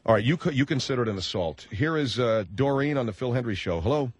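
Deadpan, halting man hosting radio. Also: mid-range voice, breathy edge, dry recording. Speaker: radio talk show host. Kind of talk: radio comedy talk.

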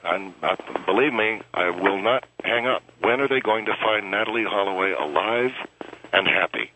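Brief: man doing a belligerent caller, lowish voice, muffled hissy phone line. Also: normal speed, natural voice. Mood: insistent. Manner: insistent, hesitant with many fillers. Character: pushy, belligerent male radio caller. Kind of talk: comedy radio sketch.

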